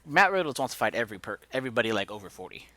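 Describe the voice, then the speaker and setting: A man's voice: on the low side, big pitch swings, rapid-fire, sharp tone, no room sound. A man casually recapping a wrestling show as a podcast co-host, joking and ranting with mock outrage.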